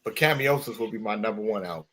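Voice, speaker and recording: A man hosts a casual morning talk show, joking and chatting with his co-hosts and greeting listeners by name. He's an animated storyteller who shifts his voice for quoted characters, speaking fast in a fairly low voice with a breathy edge.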